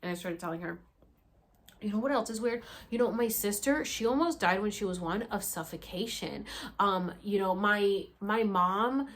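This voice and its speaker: A young woman tells a personal story to her viewers in a relaxed, chatty way. She acts out each exchange, dropping to a hushed whisper and then jumping up with loud gasps. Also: mid-range voice, moderate pace. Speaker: vlogger. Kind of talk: casual storytelling.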